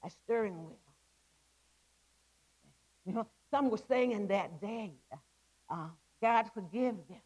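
A woman's voice: mid-range voice, slow pace, long pauses, darkish tone, rough recording. A middle-aged woman giving a testimony sermon to women, impassioned and repetitive, with stammered restarts. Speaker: women's ministry speaker.

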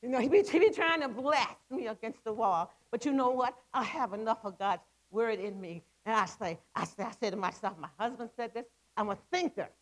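A middle-aged women's ministry speaker gives an impassioned, repetitive testimony sermon to women, stammering and restarting as she goes. Her voice is on the high side and fairly quick with hardly any pauses, and the recording is rough.

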